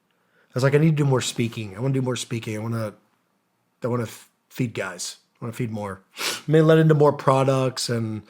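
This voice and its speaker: This middle-aged podcast guest, a former special operations soldier, talks a little fast at medium pitch, his tone a little mellow. He shares his story casually and sincerely, voicing quoted lines and using slang.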